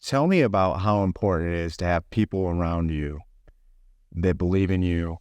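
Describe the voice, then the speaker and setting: Deep-voiced enthusiastic male interviewer. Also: moderate pace, a little mellow, smooth, dry recording. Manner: enthusiastic, praising. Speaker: interviewer host. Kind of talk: casual interview.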